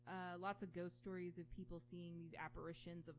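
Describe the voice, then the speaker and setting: A woman chatting casually as a podcast co-host, telling animated stories and acting out quoted voices. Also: lowish voice, brisk, a little hiss or hum. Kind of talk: casual chat.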